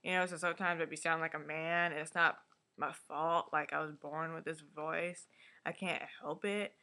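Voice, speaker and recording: A woman with a voice deep for a woman, recapping a TV episode in a blunt, profane, chatty vlog style. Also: fairly even intonation, moderate pace, bright, forceful tone. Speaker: vlogger.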